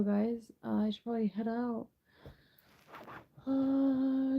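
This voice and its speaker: A woman's voice: fairly high pitch, level tone, normal speed, gravelly, highs cut off. A young woman giving a casual tarot reading to camera, rambling with lots of "like" and restarts. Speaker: tarot reader.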